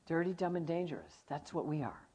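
Animated, husky-voiced woman Bible teacher. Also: low voice, fairly quick. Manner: animated storyteller, acts out animals and friends.

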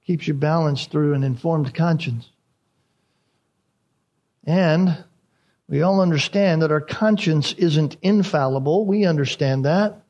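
A high-pitched man preaches a sermon at an unhurried, measured pace. He is deliberate and says his key phrases twice so they sink in. It sounds like a pastor teaching a congregation. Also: darkish tone, highs cut off. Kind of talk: expository sermon.

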